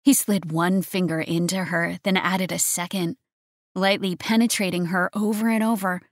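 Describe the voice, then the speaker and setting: A woman narrating a romance audiobook in a steady, even reading voice. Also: fairly low pitch, moderate pace, no room sound, clean studio sound.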